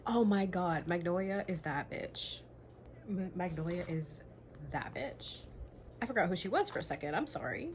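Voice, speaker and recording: A young woman vlogging her reactions to a book she is reading, excitable and gushing, swearing freely and now and then dropping to a whisper. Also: fairly low pitch, normal speed, slight background noise. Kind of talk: casual reading vlog reactions.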